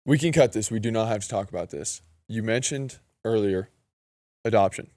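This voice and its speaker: A male podcast host eases into a sensitive question gently and tentatively. His voice is low and sounds close and dry. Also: moderate pace, no echo. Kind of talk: interview questions.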